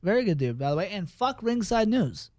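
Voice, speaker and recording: A man's voice: high-pitched, sing-song, brisk, a little mellow, no room sound. A man who is a guest on a wrestling podcast in casual chat, brash and swearing freely as he plugs his own sports podcast.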